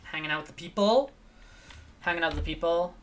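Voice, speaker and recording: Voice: mid-range voice, brisk, a bit bright, slight background noise. A laid-back livestreamer chatting casually with viewers, tired and rambling, repeating phrases with lots of filler words. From not from Spain, lives in Spain. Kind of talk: casual stream chat.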